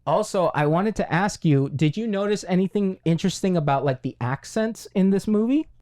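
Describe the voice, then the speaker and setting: A man's voice: high voice, expressive, brisk, dark tone. A man co-hosting a casual film review podcast, talking in long rambling runs with many fillers and restarts. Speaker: podcast co-host.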